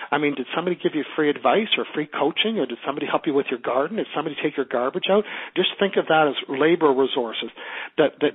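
A man's voice: a little high, husky. A man with a Canadian accent teaching a class by phone, upbeat and coaching, asking the class questions. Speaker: teleclass teacher. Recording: tinny phone line.

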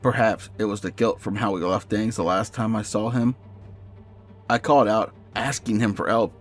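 Low-voiced man narrating a horror story. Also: normal speed, soft background music. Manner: steady first-person storytelling.

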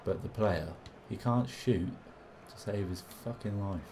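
A young man swearing and reacting excitedly while commentating his own football video game, with game music behind him. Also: lowish voice, a little slow, background noise. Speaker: gaming commentator. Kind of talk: casual gameplay commentary.

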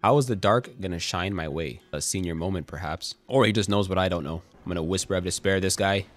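A young man giving casual, excitable gameplay commentary, swearing and cracking jokes as he plays. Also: low-pitched, fast, no echo. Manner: excitable, swearing, jokey, quotes song lines and memes. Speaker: gaming YouTuber.

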